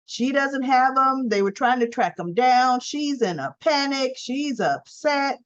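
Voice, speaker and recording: A woman's voice: sits high, lively intonation, measured pace. A woman recapping a soap opera episode in a chatty, rambling way full of fillers and asides. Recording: dull lo-fi sound.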